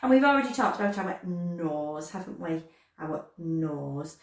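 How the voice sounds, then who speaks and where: Female primary teacher for a phonics lesson, animated sing-song delivery, slow and drawn-out, roomy echo. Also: fairly low pitch. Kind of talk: phonics lesson for young children. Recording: echoey room.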